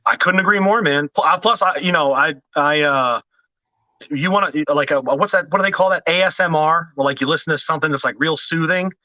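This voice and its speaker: Man, podcast guest, bright voice, casual chat, hesitant, dry recording. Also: fairly high pitch, a little fast, dry recording, low-quality recording. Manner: hesitant, many restarts, laughs easily.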